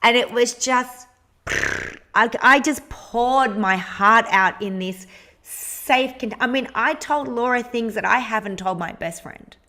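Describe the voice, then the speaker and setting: A woman co-hosting a podcast interview, talking in an animated, candid way and swearing freely. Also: on the high side, slow pace. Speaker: podcast co-host. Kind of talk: casual conversational interview.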